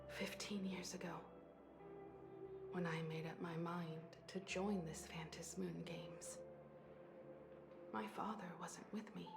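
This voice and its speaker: Casting: reserved young woman, slow and low, echoey game audio over loud music. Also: gravelly. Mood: solemn. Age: young adult. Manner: calm, measured, reserved. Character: composed young woman, cool toward her father.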